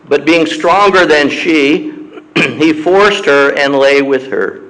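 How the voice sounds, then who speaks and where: A man preaching a sermon and reading scripture aloud in a slow, measured way, with long pauses and frequent throat-clearing. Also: mid-range voice, fairly bright tone, low-quality recording. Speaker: pastor. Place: church.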